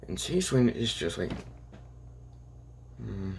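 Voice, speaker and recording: A young man casually narrating an improvised fan story, rambling and halting with many fillers and restarts. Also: low-pitched, a little hiss or hum.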